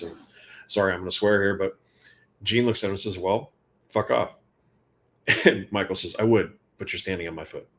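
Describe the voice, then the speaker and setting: The guitar tech's low voice has a sharp tone. In the interview he rambles through casual backstage anecdotes, quoting conversations and breaking into laughs.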